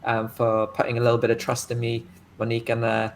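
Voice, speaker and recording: Welsh man, worn-out co-host, rambling casual chat, mid-pitched voice. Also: completely flat delivery, fast, creaky, a little hiss or hum. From Wales. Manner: tired, rambling, stumbles over words. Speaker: guest co-host and interviewer.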